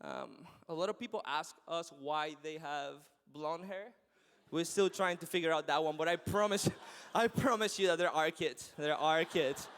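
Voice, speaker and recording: A man in his thirties delivering a church sermon, speaking in a high voice with an animated, personal manner and frequent laughter. His words ring out with a long reverb from a large hall. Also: moderate pace, clean tone. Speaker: preacher.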